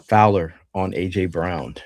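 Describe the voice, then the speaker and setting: A man's voice: sits low, measured pace, no echo. A man with a Philadelphia accent hosting a live sports podcast, chatting casually and reading out viewer comments and news quotes. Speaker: podcast host.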